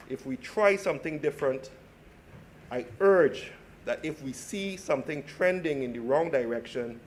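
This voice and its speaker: A man's voice: fairly high pitch, slight background noise. A man from Barbados giving an earnest parliamentary speech as a senator, urging action and addressing the chair. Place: senate chamber.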